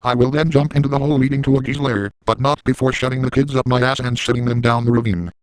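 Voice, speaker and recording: A man's voice: mid-range voice, little pitch movement, fast, clear, resonant tone, no room sound, close to an everyday voice, rough recording. A man voicing a gleeful, scheming, villainous middle-aged man in a boastful first-person comic monologue.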